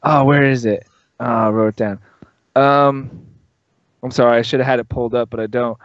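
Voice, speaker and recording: A man's voice: mid-range voice, steady tone, moderate pace, no room sound. A man in a casual movie review chat, swearing and exasperated. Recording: dull lo-fi sound.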